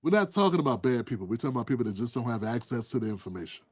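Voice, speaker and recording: A man hosting his own political commentary livestream, talking in an animated, preachy, colloquial way. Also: medium pitch, racing, husky, dry recording, clean studio sound. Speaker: livestream host.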